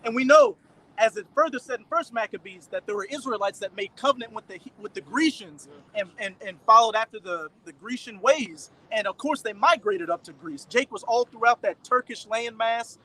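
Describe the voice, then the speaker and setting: A man talking casually outdoors, animated as he explains scripture and old stories. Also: very high voice, moderate pace, low-quality recording.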